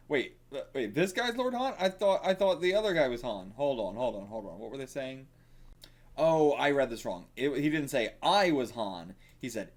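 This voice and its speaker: Excitable man thinking aloud. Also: mid-range voice, a little fast. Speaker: manga reaction host. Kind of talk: casual reaction commentary.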